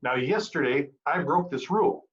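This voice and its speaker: A man giving a prepared, humorous club speech with an animated storytelling delivery. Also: fairly high pitch, moderate pace, highs cut off. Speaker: Toastmasters speaker.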